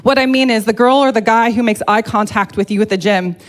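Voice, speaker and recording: A woman's voice: a little high, fairly quick. A woman giving a heartfelt, emotional personal testimony to a church congregation, speaking openly and earnestly.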